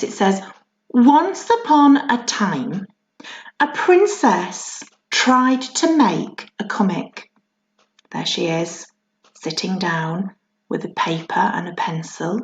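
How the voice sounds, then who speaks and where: A woman teaching young children, reading a comic aloud in a gentle, encouraging, animated way, with an English accent. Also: mid-range voice. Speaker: primary school teacher. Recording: roomy dull home lesson recording.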